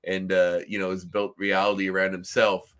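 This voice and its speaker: A man's voice: sits low, flat delivery, normal speed, a bit bright, smooth. A man from Nova Scotia co-hosting a casual review podcast, rambling with many ums and restarts. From Canada, Nova Scotia. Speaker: podcast co-host.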